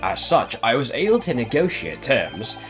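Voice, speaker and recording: Man reading theatrical gentleman detective, flowery, self-assured, animated pitch, music behind. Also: normal speed. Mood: grandiose. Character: pompous eccentric male gentleman detective, theatrical. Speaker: game streamer reading dialogue. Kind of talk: voicing game dialogue.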